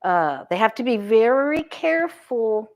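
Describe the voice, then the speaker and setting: A woman's voice: on the high side, very animated, a little slow, darkish tone. Woman tarot reader, casual solo talk, muses aloud, self-questioning, frequent restarts.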